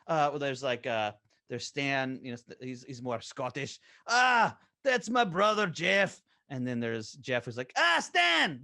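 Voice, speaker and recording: A man chatting as a podcast guest about his animated show, rambling with lots of fillers and restarts. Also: medium pitch, creaky, smooth. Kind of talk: casual podcast chat.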